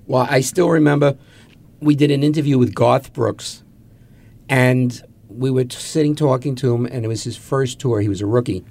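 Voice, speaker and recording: A man's voice: medium pitch, normal speed, a little mellow. A man in his seventies from Queens, a magazine publisher telling wry anecdotes in a radio interview. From Queens, New York. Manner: anecdotal, wry, acts out quotes.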